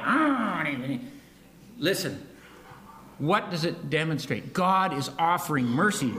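A man's voice: fairly high pitch, big pitch swings, takes it slowly, bright, forceful tone, reverberant, a little hiss or hum. A man preaching a sermon in a conversational way, with frequent asides and restarts. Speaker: pastor.

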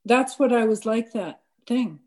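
A woman's voice: a little high, a little slow, darkish tone. A woman telling a personal anecdote to a gathered audience, candid and self-mocking, acting out bits of dialogue and often stammering into restarts.

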